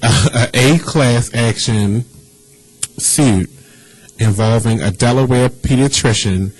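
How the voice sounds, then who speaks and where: A man's voice: mid-range voice, breathy edge, low-quality recording. A man hosting a casual internet radio show, reading news items and joking with a caller. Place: radio studio.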